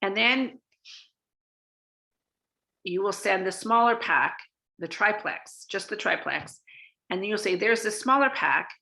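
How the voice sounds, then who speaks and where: A woman's voice: mid-range voice, slow, vocal fry, pauses often, bright, forceful tone. A woman from Canada giving a casual sales training talk, chatty, with many fillers and restarts.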